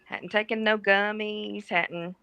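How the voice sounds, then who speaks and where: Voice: mid-range voice, fairly even intonation, takes it slowly, vocal fry, bright, forceful tone, clean tone, dull audio. A co-host in a casual chat, teasing and wisecracking.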